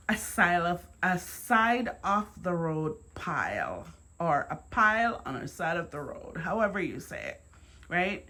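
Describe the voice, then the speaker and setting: A woman with a Jamaican accent, chatting to camera in her dining room as a home decor vlogger, repeating words and breaking into excited exclamations. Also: fairly low pitch. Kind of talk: casual chat to camera.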